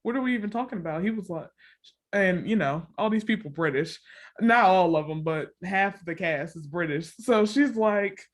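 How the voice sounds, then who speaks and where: Woman podcast co-host, casual storyteller, laughs a lot, acts out the quotes. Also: normal speed. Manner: animated storytelling, acts out quotes with big pitch jumps; laughs often, fills with "like" and "all the things". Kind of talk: casual chat recapping a reality show.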